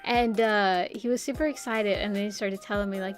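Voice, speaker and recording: A woman's voice: medium pitch, steady tone, fairly quick, hardly any pauses, soft background music. A young woman streamer chatting casually and rambling, with lots of "like" and frequent laughs. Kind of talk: casual live-stream chat.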